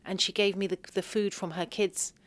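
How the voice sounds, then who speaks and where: A woman's voice: medium pitch, fairly even intonation, normal speed. Moved, earnest woman recounting. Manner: earnest, moved, speaks with religious phrases. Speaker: podcast guest. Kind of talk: emotional personal storytelling.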